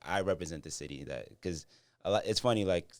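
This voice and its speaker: A man's voice: low-pitched, fast talker, no room sound, studio quality. A man, a guest talking in an easygoing, agreeable way. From Boston. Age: 40s. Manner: easygoing, agreeable, laughs often. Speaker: podcast guest. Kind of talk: casual interview chat.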